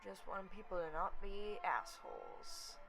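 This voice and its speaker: A young woman vlogging, telling a story in a blunt, profane, animated rant. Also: mid-range voice, normal speed, vocal fry, low-quality recording. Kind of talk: casual rant to camera.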